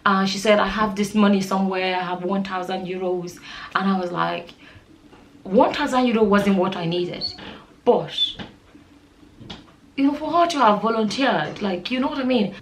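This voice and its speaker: A woman's voice: medium pitch, normal speed, long pauses, slight background noise. A middle-aged woman from Nigeria telling a personal story in an emotional, rambling way, with many restarts and fillers. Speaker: vlogger. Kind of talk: storytelling vlog.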